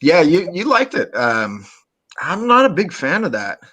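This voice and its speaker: A man's voice: a little high, wildly swooping pitch, a little slow, sharp tone. Laid-back man hosting a call. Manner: laid-back, frequent "uh" fillers. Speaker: podcast host. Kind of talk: casual chat.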